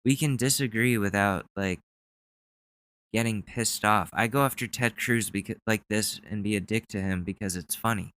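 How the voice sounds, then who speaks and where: A man's voice: on the low side, normal speed, fairly bright tone. A man hosting a podcast, chatting casually in a loose, joking and profane way. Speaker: podcast host. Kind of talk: casual chat.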